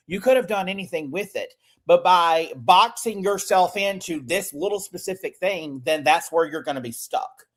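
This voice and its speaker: A man's voice: high voice, normal speed. A man hosting a casual recap podcast, chatty, swearing casually and often laughing as he talks. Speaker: podcast host.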